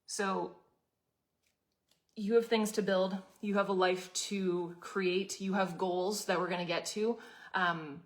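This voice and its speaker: A woman's voice: medium pitch, fairly even intonation, slow pace. A woman in her thirties hosting a live community session, giving a casual motivational talk with candid chat and many restarts.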